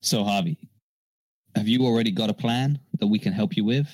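Brief: a man playing a smug, scheming gang boss in a tabletop game, low voice, measured persuasive delivery, dry close sound. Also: darkish tone, dry recording, lightly acted, poor audio. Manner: smooth persuasive pitch, measured.

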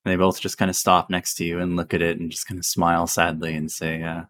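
A man running a tabletop game as game master, talking slowly and casually and swearing now and then. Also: low-pitched. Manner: slow, relaxed, swears casually.

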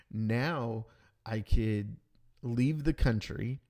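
A man casually retelling a tense travel story in a rambling, animated way, acting out the dialogue. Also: medium pitch, slow pace.

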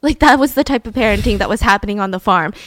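A woman hosting a podcast, telling a true-crime story in a chatty, animated way, full of fillers. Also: mid-range voice, quick pace, no echo. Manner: chatty, animated, frequent fillers and acted-out quotes. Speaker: podcast host.

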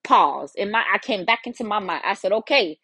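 A woman podcaster from Africa tells a story in a casual, blunt and profane way. Her pitch swings up and down a great deal as she talks. The sound is dry and close to the mic, with no room echo. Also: lively intonation, a little fast, pushed and bright, slightly rough. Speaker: podcast host.

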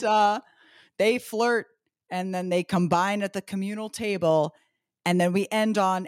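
A woman's voice: medium pitch, steady tone, measured pace, dry recording, studio quality. A woman co-hosting a podcast, recapping a TV episode in a chatty, sarcastic way with lots of "like". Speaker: podcast co-host. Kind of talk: casual recap chat.

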